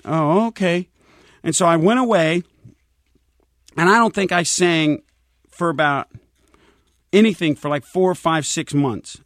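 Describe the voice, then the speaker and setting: Male singer, casual interview guest, rambling anecdotes, bit higher pitch, dry close sound. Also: a bit bright, dry recording. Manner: rambling, acts out quoted voices.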